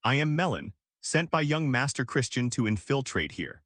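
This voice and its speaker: A loyal male knight vice commander reports urgently and directly, as a man reads his lines. The delivery is animated, and the sound is dry and close. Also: medium pitch, moderate pace, dry recording.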